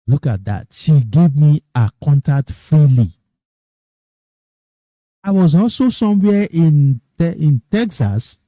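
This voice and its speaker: Nigerian man with a mellow, dry voice. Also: mid-range voice, no room sound. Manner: animated, quoting others in raised excited tones; repeats and restarts phrases. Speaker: podcast host. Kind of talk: casual storytelling monologue.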